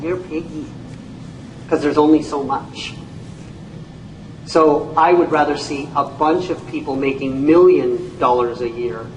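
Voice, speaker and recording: A man, a company CEO, giving an animated training talk to an audience, telling stories and acting out people's reactions with folksy exclamations. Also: fairly high pitch, slight background noise. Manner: storytelling, acts out voices, folksy exclamations. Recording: echoey room, speaker far from mic.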